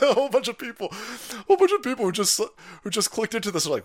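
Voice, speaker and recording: A man hosting a livestream, ranting in a foul-mouthed, animated way and laughing often. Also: sits high, very fast. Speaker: livestream host.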